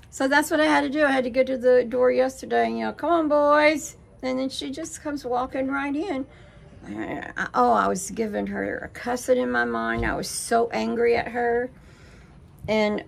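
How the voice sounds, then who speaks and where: Older woman with a gravelly voice. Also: mid-range voice, poor audio. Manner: rambling, chatty storytelling with fillers. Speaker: vlogger. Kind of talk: casual chat to viewers.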